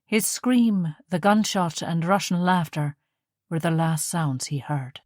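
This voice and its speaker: A woman's voice: lowish voice, slow pace, darkish tone, no echo. Woman narrating an audiobook, dry and close.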